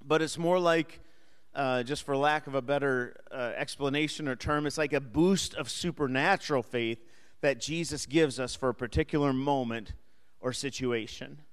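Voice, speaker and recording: Man, Sunday school teacher, smooth voice, long hall reverb, asks the class questions, easygoing humor. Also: medium pitch, normal speed. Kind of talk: conversational Bible teaching.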